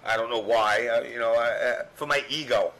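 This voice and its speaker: This middle-aged New Yorker, a former strategy guide writer guesting on a podcast, chats casually through a meandering, profane tale full of fillers. His medium-pitched voice sounds pushed and bright, delivered at a moderate pace, and the audio is rough.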